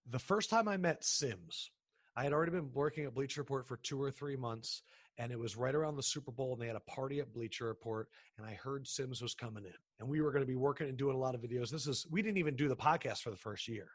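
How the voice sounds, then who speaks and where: A sports broadcaster in his thirties, telling stories in a casual interview, animated and acting out the people he quotes. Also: medium pitch, fast talker, no echo, clean studio sound. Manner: animated, acts out quoted people, frequent restarts.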